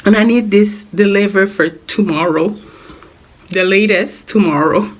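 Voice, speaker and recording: A sick young woman vlogging a casual life update in a hoarse, raspy voice, coughing often, rambling and repeating herself. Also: medium pitch, unhurried. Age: young adult. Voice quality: raspy, smoker-like voice. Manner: rambling, repeats words, apologizes.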